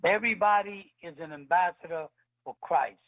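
A man's voice: high voice, normal speed, a bit bright, poor audio. A man giving an earnest testimony as a guest in a radio interview, acting out the dialogue in his story. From United States. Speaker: ministry leader, guest.

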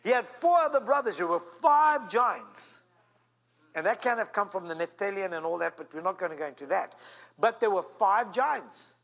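Pastor role, high-pitched man, emphatic storytelling sermon, lively rises and drops. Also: moderate pace, vocal fry. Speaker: senior pastor. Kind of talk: animated sermon.

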